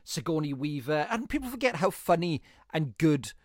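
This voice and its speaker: A man's voice: a little high, very animated, normal speed, no room sound, clean studio sound. A man hosting a podcast, chatting enthusiastically about a film and rambling through restarts. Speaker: podcast host. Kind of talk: casual film chat.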